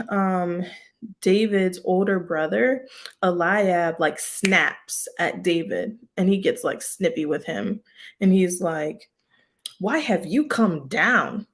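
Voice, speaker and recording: Slow, chatty woman teaching the Bible. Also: lowish voice. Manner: chatty, lots of "like" and "um", laughs often. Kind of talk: casual Bible lesson.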